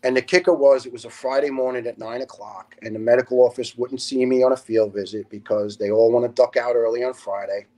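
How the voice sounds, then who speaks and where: A man in his fifties, a retired fire lieutenant, recounts his story as a podcast guest. He speaks bluntly and earnestly at an ordinary, middle pitch. He often breaks into animated impressions of the people he quotes. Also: a little fast, few pauses. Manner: animated, acts out quoted dialogue. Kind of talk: emotional first-person storytelling on a podcast.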